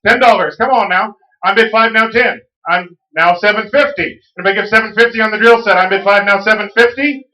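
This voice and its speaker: A man auctioneer calling bids in a quick, repetitive chant. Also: high-pitched, pushed and bright. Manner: rapid repetitive bid chant. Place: auction hall, live audience. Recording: echoey room.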